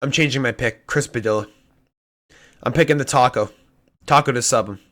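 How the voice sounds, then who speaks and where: A young man casually talking through fight predictions, cursing often and changing his mind out loud. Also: mid-range voice, moderate pace. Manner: indecisive, swears often, flips picks. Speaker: MMA prediction YouTuber. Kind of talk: casual solo prediction talk.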